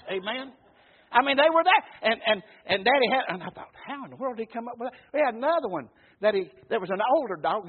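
High-voiced preacher, phone-like sound. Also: male voice, husky. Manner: folksy storytelling preacher, calls out "Amen?". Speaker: pastor. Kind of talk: sermon. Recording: muffled phone-like recording.

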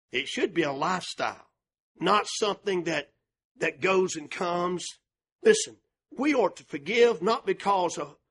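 An older male pastor preaching with passion, swinging between shouted and hushed delivery. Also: on the high side, husky. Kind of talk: sermon.

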